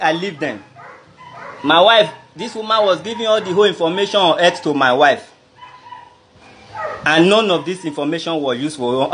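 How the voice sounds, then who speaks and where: High-voiced Nigerian man airing a grievance. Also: fairly bright tone, a little hiss or hum. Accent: Nigerian Pidgin English. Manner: indignant, rambling, addresses the listener directly. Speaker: vlogger. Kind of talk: aggrieved personal storytelling to camera.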